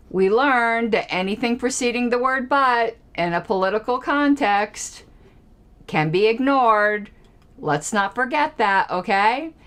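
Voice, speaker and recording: A woman giving political commentary in a vlog, sarcastic and fond of mocking rhetorical questions. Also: unhurried. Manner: animated, with sudden pitch jumps.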